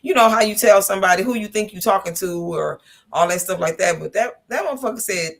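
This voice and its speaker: A woman co-hosting a casual talk show who tells stories in a loose, rambling way and curses freely. Her voice is gravelly, with a lot of vocal fry. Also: medium pitch, quick pace. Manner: loose, profane storytelling. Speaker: podcast co-host. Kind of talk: casual chat.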